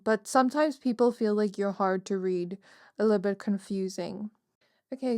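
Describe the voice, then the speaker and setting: A woman's voice: mid-range voice, darkish tone, no room sound, studio quality. A woman giving a casual pick-a-card tarot reading, musing aloud with many fillers. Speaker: tarot reader.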